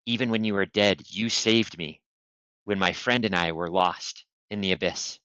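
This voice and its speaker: A man's voice: low-pitched, normal speed, bright, forceful tone, clear, resonant tone, no room sound, muffled recording. A man voicing a devoted male halfling monk who speaks earnestly and pleadingly to his lost sister in a tabletop game.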